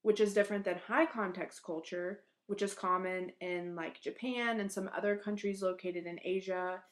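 Woman from the U.S., co-host, conversational explainer, mid-pitched voice. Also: steady tone, moderate pace. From United States. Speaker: podcast co-host. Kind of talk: explaining a culture segment.

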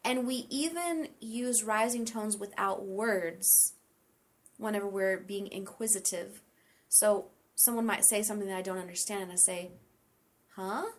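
A woman explains English speech patterns in a loose, conversational way. Her voice sits at a middle pitch, and she works through example after example. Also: normal speed. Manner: explains with many examples and light laughter. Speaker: English pronunciation teacher. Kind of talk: casual teaching chat.

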